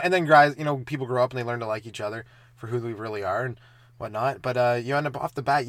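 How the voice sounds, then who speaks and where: A young man hosting a solo stand-up comedy podcast, talking in a loose, rambling, profane way with quick asides. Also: mid-range voice, no echo.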